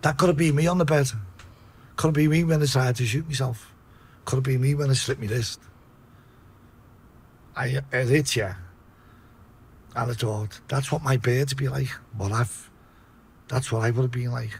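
Husky Liverpool man telling a story. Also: mid-range voice, fairly even intonation, moderate pace, pauses often. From Liverpool, England. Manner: swears freely and acts out his own shouting. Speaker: guest telling his story. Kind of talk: casual storytelling.

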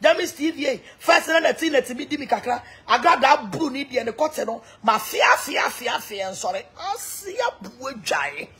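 A woman's voice: high-pitched, very animated, normal speed, hardly any pauses, a bit bright. A Ghanaian woman mixing Twi and English in a mocking, laughing rant, taunting people online. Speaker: social media personality. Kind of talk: mocking live-stream rant.

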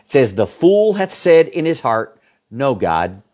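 A man preaching a sermon as pastor, fiery, swinging from loud peaks to low asides. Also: sing-song, unhurried.

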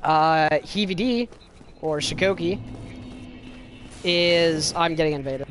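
Monotone gamer man, slightly high. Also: takes it slowly, over music. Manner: explains rules with many restarts. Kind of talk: casual gaming chat.

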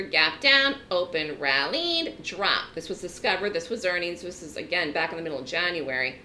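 Brief: bright, lively woman trading educator, direct and emphatic, faint hiss behind. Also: on the low side. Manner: emphatic, direct, frequent "okay?" check-ins. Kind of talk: trading lesson. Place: trading room webinar.

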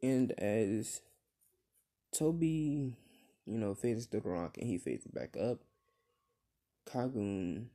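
A man's voice: lowish voice, warm tone. A man casually retelling his own fan story, rambling with many fillers and restarts, and swearing when he slips.

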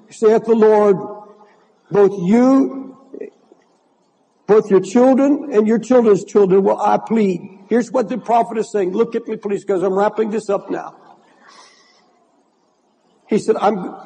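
A man's voice: high-pitched, gravelly, dark tone, slightly rough, poor audio. An older man preaching a sermon, impassioned and repeating words as he presses his point. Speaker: pastor.

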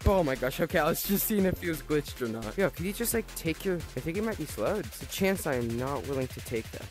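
Young male gaming host, jumpy and loud, yelps and laughs, very animated delivery, game music underneath. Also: a little high, a little fast, hardly any pauses. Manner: excitable, screams and laughs often, repeats phrases. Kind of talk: VR horror gameplay commentary.

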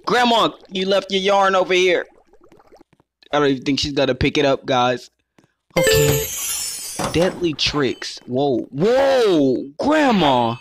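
A man giving playful let's play commentary, excitable and talking straight to his viewers as he plays. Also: on the high side, takes it slowly, faint music behind. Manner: excitable, calls himself "your boy", keeps addressing viewers as guys. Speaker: gaming YouTuber.

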